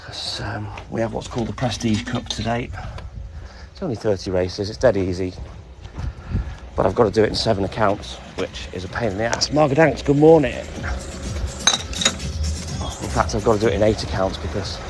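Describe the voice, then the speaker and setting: A man's voice: on the low side, normal speed. A man chatting casually on a live stream, greeting viewers by name. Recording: music playing in the background. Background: music.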